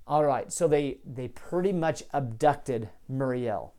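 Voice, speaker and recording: A man's voice: mid-range voice, slow pace, few pauses. A man hosting a solo history podcast, telling clan stories in a chatty, digressive way and often stopping to correct himself. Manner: tells old stories in a relaxed storytelling way. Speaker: podcast host.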